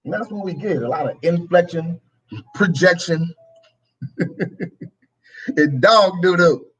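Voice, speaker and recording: This male talk show host has a high voice and a slow pace, with a slightly rough quality, and the audio sounds muffled. He delivers a preachy political commentary monologue, repeating his phrases and acting out both sides of an argument.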